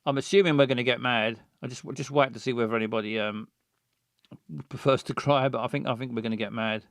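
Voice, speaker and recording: A man's voice: medium pitch, steady tone, fast talker, dry recording, clean studio sound. A man hosting a live-stream game playthrough, talking hesitantly with many ums and chuckles and greeting viewers by name.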